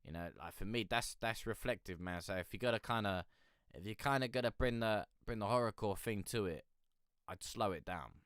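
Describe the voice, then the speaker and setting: A man hosts a live music-review stream in a somewhat low, smooth and clear voice, recorded dry and close. He rambles and hesitates through casual feedback, sounding sleepy and yawning, with a bit of swearing. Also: fairly quick, fairly bright tone, no room sound. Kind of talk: casual livestream commentary.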